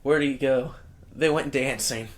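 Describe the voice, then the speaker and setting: A man co-hosting a casual podcast, recapping a horror film with a partner. He throws in crude punchlines and quick jokes. His voice has an everyday middle pitch. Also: steady tone, crowd noise. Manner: joking, crude quips and punchlines. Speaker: podcast co-host. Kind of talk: casual movie recap chat.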